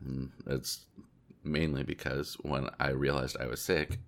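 A man's voice: a bass voice, little pitch movement, a little slow, a bit bright. A man chatting casually while congested from a cold, telling a rambling story in a laid-back way. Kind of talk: casual chat.

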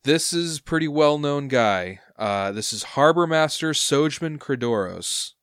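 A man's voice: fairly high pitch, animated, a little slow, a bit bright, clear, resonant tone, dry recording, clean studio sound. A man narrating a tabletop game as game master, rambling with lots of fillers.

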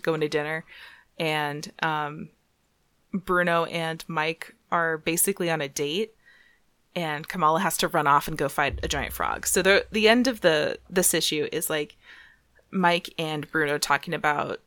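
Young woman, casual podcast host, slightly low voice, giggly, filler-heavy, dry close sound. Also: a bit bright, clean tone, dry recording. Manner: chatty, giggly, many fillers. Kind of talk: casual chat.

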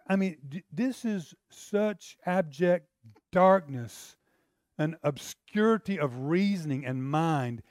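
A middle-aged pastor with a drawl delivers a sermon, talking to his congregation like a neighbor before climbing into forceful, emphatic bursts. His voice sits a little higher than most men's. The sound is dry and close, with no room echo. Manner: conversational preaching, rising to emphatic outbursts.

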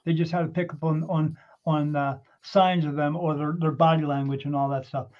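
Man telling animated stories, muffled. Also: a little high, normal speed. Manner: animated anecdote-telling, acts out quoted voices. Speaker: psychic guest. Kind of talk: casual storytelling. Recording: muffled lo-fi sound.

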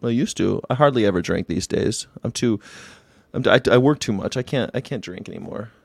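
A middle-aged man ranting sarcastically in a casual monologue, jumping between loud outbursts and low mutters. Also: animated, a little fast, vocal fry, husky, no echo, studio quality. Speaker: vegan commentary host.

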